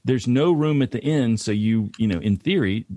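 A man co-hosting a casual podcast chat, riffing on ideas in an animated way and swearing. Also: medium pitch, normal speed, no echo. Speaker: podcast co-host.

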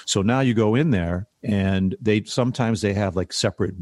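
Rambling low-voiced man telling a story. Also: normal speed, a little mellow, no room sound, studio quality. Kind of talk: casual group chat.

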